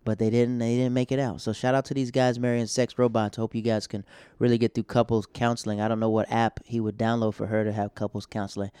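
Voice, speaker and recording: A man's voice: medium pitch, little pitch movement, fast, warm tone, clear, resonant tone, dry recording. Slangy man in his thirties, dry sound. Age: 30s. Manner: loose, slangy, rambling with many fillers. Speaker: stand-up comedian. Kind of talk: casual storytelling monologue.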